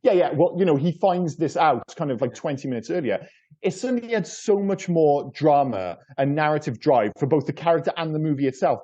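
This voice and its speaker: A man talks through a film in loose, rambling podcast chat, stumbling over repeated words and swearing now and then. His voice sits a little high with a dark, mellow tone. The recording is dull and lo-fi. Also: animated, brisk. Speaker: podcast co-host. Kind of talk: casual film review chat.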